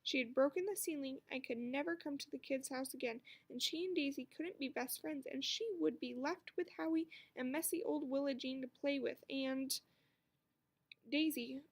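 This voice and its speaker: Woman, narrator, high-pitched, reading a children's book aloud, expressive. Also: moderate pace, hardly any pauses. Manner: expressive storytelling.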